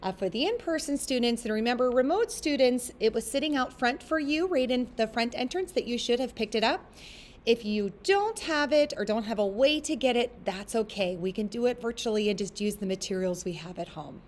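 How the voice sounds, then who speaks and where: A school librarian speaking to young children in a recorded lesson, explaining things step by step. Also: female voice, a little high, lively intonation, brisk, a little mellow. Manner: friendly teacher explaining step by step.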